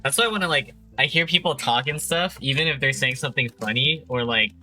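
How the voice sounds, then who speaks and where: A man hosting a live interview podcast in a polite, even-keeled manner, his voice bright and forceful. He keeps a measured, professional tone as he leads the chat, with faint music playing behind him. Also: medium pitch. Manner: polite, steady, trying to stay professional. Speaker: podcast host.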